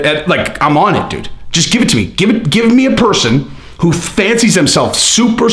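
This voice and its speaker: A man hosting his own channel, reading out comments and mocking them in casual, rambling talk full of fillers. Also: a little high. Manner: animated, sarcastic, rambling with many fillers. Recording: roomy echo.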